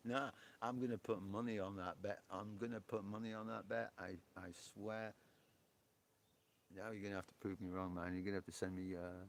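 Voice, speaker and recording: Male live stream host, chatty and jokey, laughs a lot, slightly low and rough-edged. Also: fairly even intonation, moderate pace. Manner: chatty, joking, laughs often. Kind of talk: casual chat with viewers. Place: outdoor porch.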